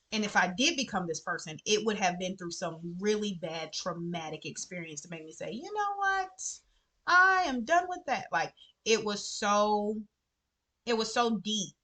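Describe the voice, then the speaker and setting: A woman's voice: medium pitch, pushed and bright. A woman with children, talking earnestly to camera in a casual vlog and repeating phrases for emphasis. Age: adult with children. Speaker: vlogger sharing favorite books. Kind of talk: casual heartfelt chat to camera.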